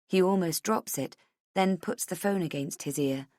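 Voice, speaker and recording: A woman narrating a suspense audiobook in the first person, measured and tense. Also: low voice, a little mellow, no echo, studio quality.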